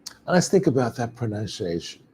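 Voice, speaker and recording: A man teaching English alone in a live online lesson, repeating phrases slowly for pronunciation practice. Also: medium pitch, big pitch swings, dark tone, slight background noise.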